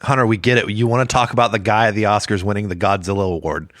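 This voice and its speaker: Low, fast-talking man on a podcast. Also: steady tone, fairly bright tone, no echo, clean studio sound. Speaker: podcast co-host. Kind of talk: casual podcast chat.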